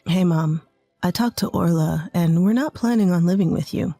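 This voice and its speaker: A woman voicing a calm young husband who speaks in a matter-of-fact, steady way. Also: lowish voice, moderate pace, dry recording. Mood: firm.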